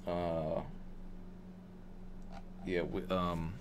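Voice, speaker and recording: Deep-voiced joking Midwestern man. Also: level tone, drawn-out words, noisy background. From Madison, Wisconsin. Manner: rambling, joking, many restarts and fillers. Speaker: music producer streaming live. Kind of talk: casual livestream chat.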